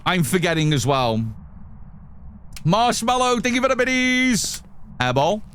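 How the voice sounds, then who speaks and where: A man's voice: sits high, big pitch swings, measured pace, fairly bright tone, slight background noise. A man giving chatty live commentary as he plays a game, talking to his chat and to himself. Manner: chatty, talks to chat and to himself while playing. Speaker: streamer.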